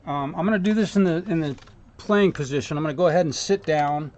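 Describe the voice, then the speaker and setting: A man's voice: fairly high pitch, fast, darkish tone. A man working as a guitar repair technician, thinking aloud and chatting casually with viewers as he works in his workshop. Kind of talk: casual workshop stream talk.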